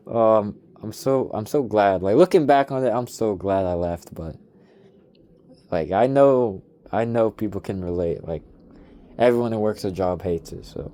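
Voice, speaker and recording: A man's voice: fairly low pitch, normal speed, warm tone. A young man telling a rambling story about an old job in a slangy, casual rant full of "like" and "dude".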